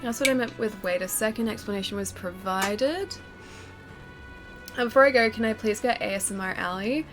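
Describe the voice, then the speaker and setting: Over background music, a woman with a mid-range voice chats with her stream viewers at a moderate pace, sounding nasal from a cold. She's a giggly, self-deprecating game streamer using a close studio mic with a pop filter in her home gaming room.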